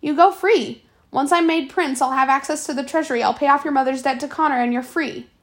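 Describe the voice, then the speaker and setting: A woman's voice: high voice, a little fast, lightly acted. A woman reading aloud and voicing a defiant, cocky teenage orphan boy who talks in a bold, defensive way.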